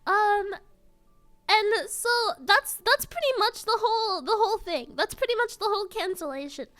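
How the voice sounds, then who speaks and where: A woman's voice: very high voice, normal speed, a bit bright, soft background music. A woman streamer chatting casually to her viewers, giggling often and mocking herself with joking asides. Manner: giggly, self-mocking, jokey rambling.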